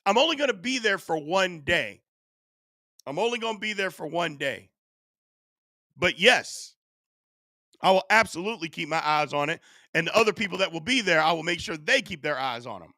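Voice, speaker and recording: Guy hosting a live sports stream, voice going hoarse, kinda high and gravelly, dry close mic. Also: normal speed, pauses often, no echo. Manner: animated, reads and answers chat. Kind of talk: casual live-stream chat. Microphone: studio USB microphone.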